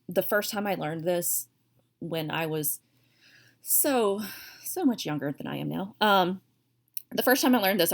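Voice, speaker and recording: A woman teaching history in a rambling, conversational lecture, wandering into asides and joking at her own expense. Her voice sits a little low and has a gravelly, fry-heavy edge. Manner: chatty, digressive, self-deprecating humor. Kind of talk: recorded classroom lecture.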